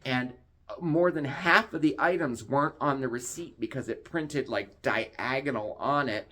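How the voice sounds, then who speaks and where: A man's voice: mid-range voice, measured pace. Indignant man ranting to camera. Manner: indignant, animated, acts out other people's lines. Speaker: vlog co-host. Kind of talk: casual storytelling rant.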